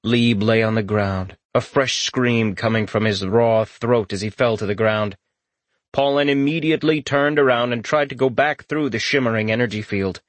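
A man reading a fantasy audiobook aloud in a steady storytelling voice, lifting his pitch for dramatic lines. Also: normal speed, no echo. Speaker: audiobook narrator. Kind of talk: scripted fantasy audiobook narration.

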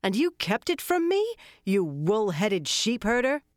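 A reader voicing a sharp-tongued young woman who scolds in a sudden high, indignant outburst, in an audiobook. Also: sing-song, slow, vocal fry, dry recording, studio quality, exaggerated voice.

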